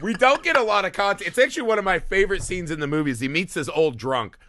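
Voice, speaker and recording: Profane, animated man recapping a film. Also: sits high, no echo. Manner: profane, animated retelling of scenes with quick mock voices. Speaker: podcast co-host. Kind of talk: casual movie-review chat.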